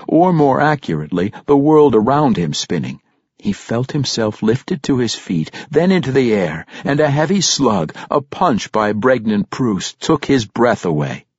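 Husky, expressive male audiobook narrator. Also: mid-range voice, dry recording, lo-fi sound. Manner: expressive, storytelling. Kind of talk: scripted fantasy narration.

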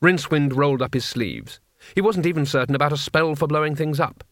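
A man narrating a comic fantasy audiobook in a measured, wry way. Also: a little high, lively intonation, fairly bright tone, no room sound, studio quality. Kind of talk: audiobook reading.

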